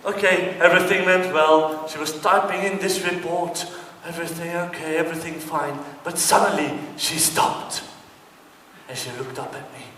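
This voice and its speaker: A man's voice: a little high, steady tone, normal speed, pushed and bright, a little hiss or hum. A man from Britain performing a stand-up comedy monologue on a theatre stage, telling his story with mock indignation. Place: theatre stage before an audience. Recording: distant, echoey hall with long reverb.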